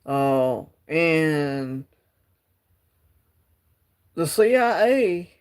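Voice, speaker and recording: A man's voice: on the high side, very animated, very slow, clean tone. Rambling man on a phone livestream. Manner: rambling, drawling, reads chat aloud. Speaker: livestream host. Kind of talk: casual livestream chat.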